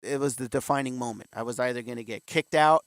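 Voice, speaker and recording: A man's voice: mid-range voice, quick pace, clear, resonant tone, no echo. A man in his fifties, a guest in an interview, telling his story candidly and acting out the voices of the people he quotes. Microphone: video call.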